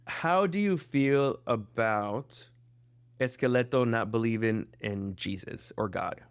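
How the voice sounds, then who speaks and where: A man's voice: mid-range voice, slow, smooth, dry recording. Chatty man hosting a casual video call chat. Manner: chatty and joking, many fillers. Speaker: podcast host.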